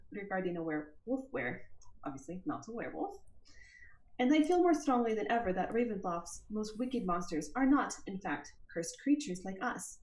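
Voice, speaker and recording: A woman's voice: mid-range voice, a little mellow, reverberant, close to an everyday voice, low-quality recording. A woman putting on an accent to voice a formal, earnest young wanderer who is reading her own letter aloud. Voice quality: put-on character accent.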